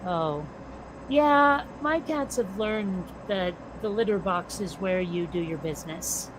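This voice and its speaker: An American woman co-hosting a casual chat, blunt and quick to swear. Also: medium pitch. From United States. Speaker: podcast co-host. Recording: noisy background.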